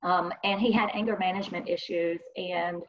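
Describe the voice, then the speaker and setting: A woman's voice: on the low side, steady tone, moderate pace. A woman counselor giving an online presentation, sharing client stories in an earnest, conversational way with many fillers. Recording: dull lo-fi online call audio.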